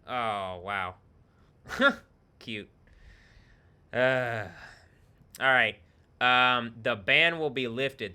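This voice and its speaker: A man's voice: on the low side, slow, pushed and bright, smooth. A man streaming alone, talking in a rambling, profane way and laughing between remarks. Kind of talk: rambling solo livestream talk. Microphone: computer microphone.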